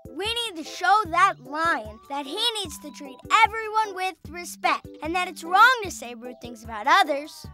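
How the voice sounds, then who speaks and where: An earnest, bossy cartoon kid with a very high, bright voice. Light music plays underneath. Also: female voice, lively intonation, normal speed, few pauses, full character voice. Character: earnest young cartoon planner.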